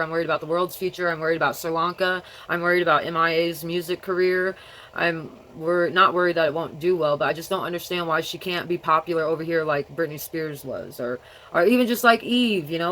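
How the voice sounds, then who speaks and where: Woman vlogger, slightly low voice but childlike delivery, rambling casual home monologue. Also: fairly even intonation, fast, fairly bright tone, a little hiss or hum, low-quality recording. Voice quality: childlike way of speaking. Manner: rambling, jumps between topics.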